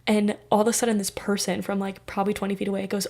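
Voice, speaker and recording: A young woman hosts a podcast and tells a story in a loose, chatty way, sprinkling "like" everywhere and slipping into little whispers and voices for the people in it. Her voice sits at a medium pitch with a gravelly, vocal-fry edge. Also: very fast. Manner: animated, full of "like" fillers, acts out voices and drops to whispers. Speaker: podcast host. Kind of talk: casual storytelling.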